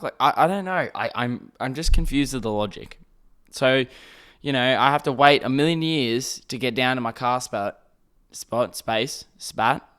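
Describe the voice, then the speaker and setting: A young man with an Australian accent hosts his own podcast, talking off the cuff into a microphone. He rants in an exasperated way, swearing freely and stumbling through restarts. His voice sits at an ordinary middle pitch. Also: a bit bright. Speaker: podcast host. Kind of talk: casual solo podcast rant.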